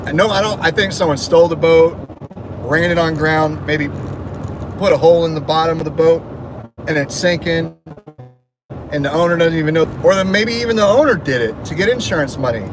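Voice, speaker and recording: On his drive to work, a man with a fairly high voice talks briskly in a casual car vlog, joking and meandering from topic to topic. The low-quality recording picks up music as well as highway road noise behind him.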